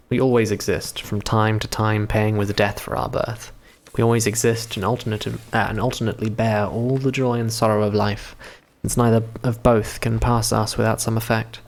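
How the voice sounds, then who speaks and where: A man's voice: fairly low pitch, little pitch movement, moderate pace. A man in his twenties streaming himself reading a visual novel aloud, with crude offhand asides. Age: 20s.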